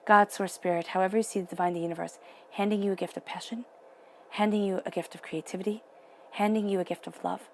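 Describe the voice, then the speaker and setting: Young woman doing a tarot reading, earnest and emotional, goes soft and whispery sometimes, faint hiss behind. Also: medium pitch, steady tone, quick pace. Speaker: tarot reader.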